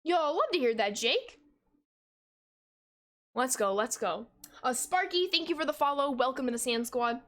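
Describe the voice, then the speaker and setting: High-pitched and lively in intonation, this twenty-something woman speaks at a moderate pace with frequent pauses and a fairly bright tone. She calls a baseball game play by play on stream, cheerfully responding to chat and tossing out casual "yo" greetings.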